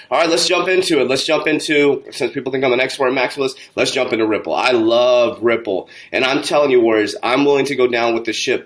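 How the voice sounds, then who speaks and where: Fired-up man preaching to his warriors. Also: mid-range voice. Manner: preachy, keeps addressing listeners as warriors; gets loud and indignant, rising to near shouting. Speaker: crypto channel host and coach. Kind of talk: heated motivational crypto commentary.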